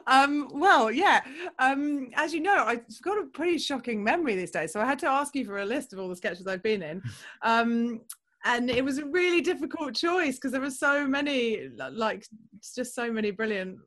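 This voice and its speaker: A woman's voice: fairly high pitch, expressive, moderate pace, a bit bright. A woman from England, a comedy voice actor, chatting casually in an interview, laughing often and filling her speech with ums. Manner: giggly, chatty, many fillers.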